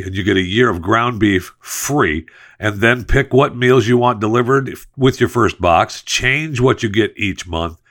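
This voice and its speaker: A man's voice: fairly low pitch, a bit bright. A man hosting a podcast, reading an ad and chatting about the news in a jokey, chatty way. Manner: chatty, jokey, drawn-out emphasis. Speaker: podcast host. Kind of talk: casual host-read ad and news chat.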